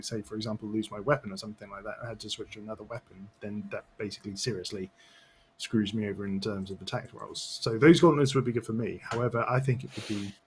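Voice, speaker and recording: A man in a tabletop game session explains his character's rules, thinking aloud as he goes. A faint ambient noise sits behind him. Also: mid-range voice. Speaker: player. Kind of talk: casual tabletop game talk.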